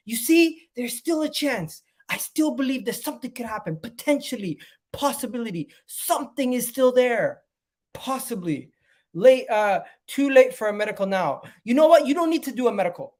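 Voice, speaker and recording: A man hosting a live fan stream, ranting in frustration and repeating his phrases again and again, swinging from loud outbursts to low muttering. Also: expressive, normal speed. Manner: exasperated, repeats phrases over and over. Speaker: fan channel host.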